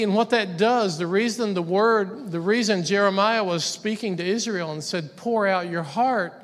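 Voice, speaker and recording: A man's voice: high-pitched, long reverb tail. A man as pastor, preaching a conversational sermon with humorous asides.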